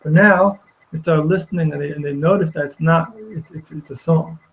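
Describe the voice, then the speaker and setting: A man teaching a class, retelling a story in a halting way with many repeated words and restarts. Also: on the high side, rough recording. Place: study hall.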